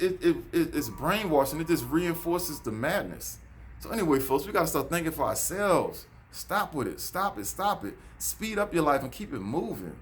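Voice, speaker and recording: A man's voice: on the high side, slight background noise. A man, giving a preachy, repetitive vlog monologue and calling his viewers folks. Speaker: vlogger. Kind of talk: casual monologue to camera. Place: outdoors near a road.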